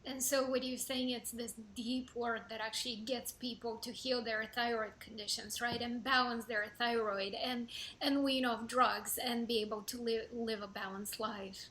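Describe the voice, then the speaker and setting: A woman hosting an interview, softly summing up the guest's point as a question. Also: on the high side, fairly even intonation, normal speed, few pauses, slight background noise, low-quality recording. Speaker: interviewer, host.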